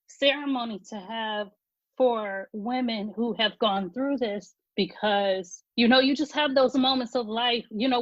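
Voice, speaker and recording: A woman speaks as a podcast guest and tells a personal story in a halting, open way. Her voice comes through a dull, lo-fi channel with no room sound at all. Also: fairly high pitch, no echo. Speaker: guest sharing a personal loss. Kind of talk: podcast interview.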